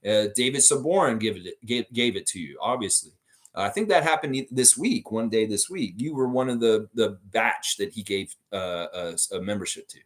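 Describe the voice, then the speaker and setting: A man's voice: lowish voice, animated, moderate pace. A man hosting a fan livestream, chatting casually and answering viewer comments in a rambling way with lots of fillers.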